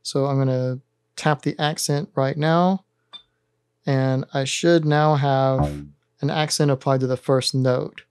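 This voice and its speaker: A man hosting a synthesizer tutorial, calmly talking through each button press in a methodical step-by-step demonstration. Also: medium pitch, slow, clear, resonant tone, no room sound.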